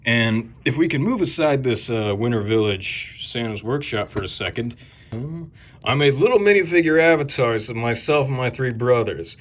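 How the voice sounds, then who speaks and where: A man with a mid-pitched voice narrates a casual show-and-tell. He rambles with fillers and keeps breaking off into crude, wisecracking asides. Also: lively intonation, moderate pace. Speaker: video host.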